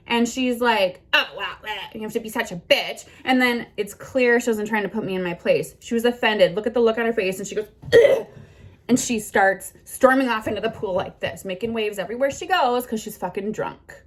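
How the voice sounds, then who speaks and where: A woman's voice: a little high, fairly quick, few pauses. A middle-aged woman vlogging a defensive rant, blunt and indignant, swearing a lot.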